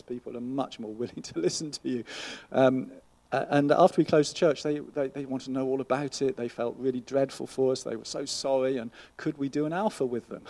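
A man's voice: medium pitch, warm tone. A man, preaching an earnest, conversational sermon and often checking in with rhetorical questions. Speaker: pastor.

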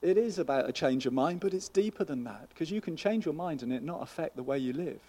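A man delivers a sermon in an earnest, conversational way, often turning to the listeners with rhetorical questions. His voice sits a little high, yet it sounds warm and mellow rather than bright. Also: expressive, a little fast, husky. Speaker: pastor.

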